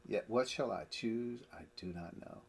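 A man's voice: fairly low pitch, measured pace, creaky. A man teaching a Bible study, explaining verses emphatically with everyday examples.

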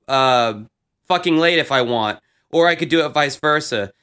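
A man's voice: on the high side, expressive, normal speed, a bit bright, smooth. A young man in casual chat, reading his old posts aloud and retelling them with profanity and laughter.

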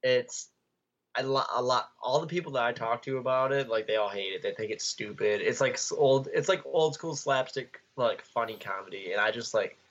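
A man's voice: mid-range voice, moderate pace, a bit bright, dull audio. A young man in college, co-hosting a podcast in casual chat, rambling with lots of fillers. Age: young adult. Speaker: podcast co-host.

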